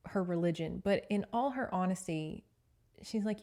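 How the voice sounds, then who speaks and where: A woman's voice: mid-range voice, moderate pace, a little mellow. A woman hosting a podcast, casually recapping a novel with sass and swearing. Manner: chatty, sassy, swears freely. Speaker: podcast host.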